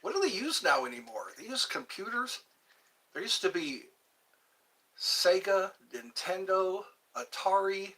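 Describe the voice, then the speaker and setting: In a high, sing-song voice that's pushed and bright, a middle-aged man unhurriedly hosts a livestream. He rambles casually to young viewers from a phone on a tripod, drifting into snatches of song.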